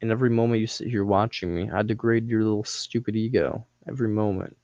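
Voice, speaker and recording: A man's voice: lowish voice, steady tone, quick pace, mellow, dry recording, dull audio. A man on a livestream, ranting angrily at his viewers with taunting, profane insults. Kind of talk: angry livestream rant at chat.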